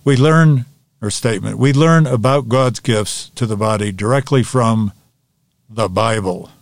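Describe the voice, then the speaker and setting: Man, Bible study teacher, measured and methodical, mid-pitched voice, dry close sound. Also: vocal fry, no room sound. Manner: measured, methodical reading of questions and answers.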